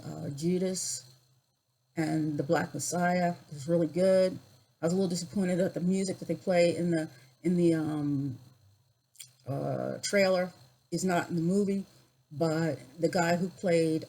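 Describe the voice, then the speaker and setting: A woman in her sixties telling personal stories in a vlog, reflective and unhurried, with pauses and restarts. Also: fairly low pitch, a little mellow, low-quality recording. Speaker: YouTuber.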